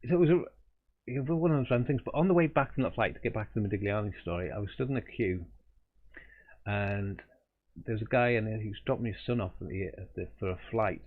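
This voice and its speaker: A man's voice: on the low side, lively intonation, fast talker. A middle-aged man, an artist hosting a live drawing stream, telling a casual, rambling anecdote with chuckles and restarts. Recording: tinny phone-like audio.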